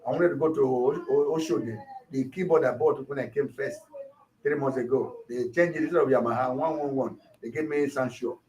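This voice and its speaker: A man's voice: mid-range voice, a little fast, a little mellow, recorded from a distance, poor audio. A Nigerian man, a pastor, animatedly retelling a dispute in an interview, acting out the quotes as he goes. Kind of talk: storytelling interview.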